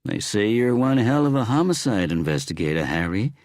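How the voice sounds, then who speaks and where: A man's voice: on the low side, very animated, brisk, no room sound, studio quality, voice pushed up. A man voicing a blunt, assertive woman homicide inspector with an American accent. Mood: challenging. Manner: blunt, loud and clear.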